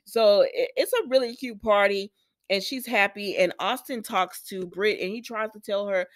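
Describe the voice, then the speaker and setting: A woman's voice: medium pitch, normal speed, no room sound, studio quality. Chatty woman recapping to viewers. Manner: chatty, addresses viewers directly. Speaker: soap opera recap vlogger. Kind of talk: casual chat.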